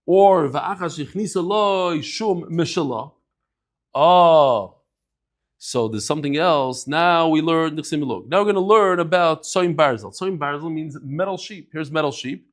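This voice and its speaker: A man giving a daily Talmud lecture, conversational and lively, acting out bits of dialogue as he explains with everyday examples. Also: fairly high pitch. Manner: lively, acts out dialogue in quick asides. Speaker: Talmud teacher.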